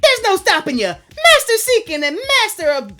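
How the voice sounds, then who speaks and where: A man in a pinched falsetto voicing a peppy, teasing female streamer who runs a gym in a video game. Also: huge pitch swings, moderate pace, heavily acted.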